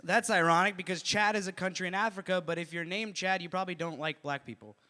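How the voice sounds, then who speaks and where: A man performing stand-up at a small live venue, with an offhand delivery that jumps into loud high voices for his bits. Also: fairly even intonation, fast. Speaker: stand-up comic. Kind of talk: stand-up comedy set.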